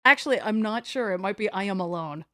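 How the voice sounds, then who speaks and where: A woman's voice: medium pitch, lively intonation, fast talker, sharp tone, no room sound. Playful woman streamer, dry sound. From United States. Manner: rambling, playful, self-mocking. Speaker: live streamer. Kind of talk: casual livestream chat. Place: at home, sitting on the floor.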